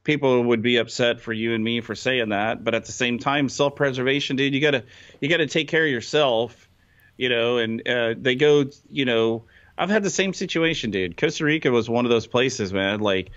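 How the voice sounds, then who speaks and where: A man's voice: medium pitch, moderate pace, fairly bright tone. A man co-hosting a podcast, talking bluntly and casually in slang. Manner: blunt, slangy, calls people dude. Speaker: podcast co-host. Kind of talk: casual chat. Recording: slightly dull lo-fi sound.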